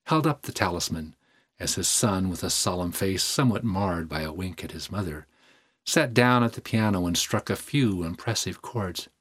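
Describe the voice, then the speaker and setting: A man narrating a story aloud in a measured, even manner. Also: sits low, husky. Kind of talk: audiobook reading.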